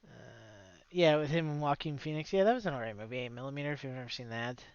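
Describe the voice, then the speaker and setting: A man's voice: mid-range voice, fast, clear, resonant tone, no room sound, lo-fi sound. A man co-hosting a podcast in casual chat, blunt and opinionated, swearing freely and laughing often. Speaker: podcast co-host.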